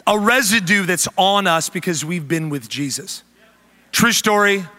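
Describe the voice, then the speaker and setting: A man preaching a humorous sermon as pastor, animated and joking with the congregation. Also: sits high, unhurried.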